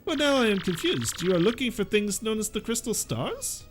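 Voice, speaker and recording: Man doing a showy merchant captain, pompous, wild pitch swings, odd accent, game music. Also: sing-song, moderate pace. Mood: grandiose. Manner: grandiose, theatrical, vague foreign-sounding accent. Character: pompous flamboyant male merchant sailor.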